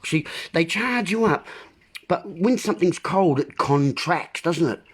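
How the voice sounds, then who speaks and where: Fairly high-pitched and husky, this man speaks a little slowly but expressively as he rants to his viewers. The vlog monologue is emphatic, frustrated and full of wordplay.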